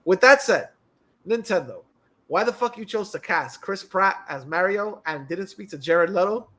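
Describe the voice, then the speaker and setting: A man's voice: high voice, expressive, moderate pace, pushed and bright. A man, co-hosting a podcast in casual, blunt, profane movie chat that switches between English and Spanish. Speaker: podcast co-host.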